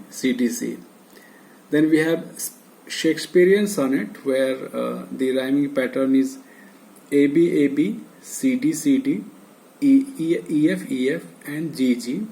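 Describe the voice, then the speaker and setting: The recording is rough. A man with an Indian English accent and a warm, medium-pitched voice lectures slowly at a university, hesitating and using plenty of filler sounds as he lists terms individually.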